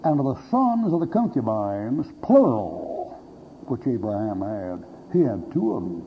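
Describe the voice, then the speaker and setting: A man's voice: medium pitch, sing-song, unhurried. A male pastor preaching a sermon, telling folksy stories with blunt humor and acting out both sides of conversations. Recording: dull lo-fi recording with faint hiss.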